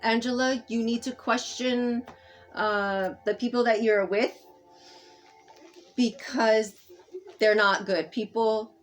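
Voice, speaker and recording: A vlogger, a woman, speaks to camera in an unscripted personal monologue, her fairly high voice steady in tone over soft background music. She's halting and rambling, with many fillers and restarts, swinging between soft murmuring and loud insistence.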